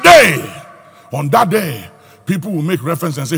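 Shouting preacher, raspy and lively. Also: male voice, fairly high pitch, brisk. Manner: preaching with rising shouts and sung phrases. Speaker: pastor. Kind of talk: sermon. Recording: hall reverb with faint music.

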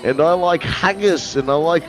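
A man's voice: on the high side, normal speed, faint music behind, voice pushed up, close to an everyday voice. A man voicing a goofy, boastful Scottish character in an exaggerated fake accent for a comedy podcast bit. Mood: jolly.

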